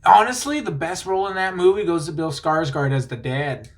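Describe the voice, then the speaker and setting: A man's voice: fairly high pitch, fairly quick. A man hosting a podcast, chatting casually, rambling enthusiastically and laughing easily. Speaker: podcast host. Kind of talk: casual chat.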